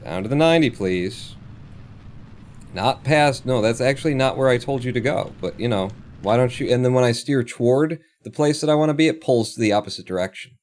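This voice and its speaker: A man's voice: mid-range voice, a little fast, darkish tone. A man streaming a space game live, muttering and swearing at the game with sarcastic frustration. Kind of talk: live gameplay commentary.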